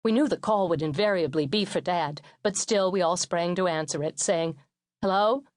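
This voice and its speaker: A woman narrating a memoir audiobook in a steady, measured reading voice, acting out quoted lines lightly. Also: fairly low pitch, dry recording, clean studio sound.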